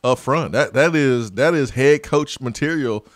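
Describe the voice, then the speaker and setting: A man's voice: mid-range voice, unhurried, no room sound. Goofy sports radio man, dry sound. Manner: goofy, laughs easily, drawling. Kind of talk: casual sports talk.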